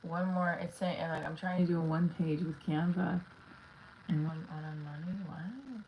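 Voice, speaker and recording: A woman's voice: sits low, flat delivery, normal speed, highs cut off, a little hiss or hum. A woman comedian chatting casually on a livestream, rambling with lots of fillers and talking to her viewers.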